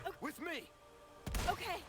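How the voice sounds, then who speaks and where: A woman's voice: very high voice, animated, moderate pace, music in the background. An actress voicing a young woman companion in a video game, calling out short, urgent warnings.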